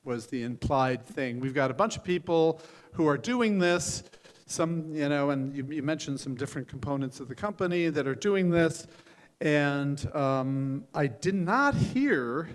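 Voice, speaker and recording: An older man, a venture capitalist, giving frank, joking feedback on startup pitches, with many restarts and fillers. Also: lively intonation, a little slow, a little hiss or hum. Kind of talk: live pitch coaching. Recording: hall reverb.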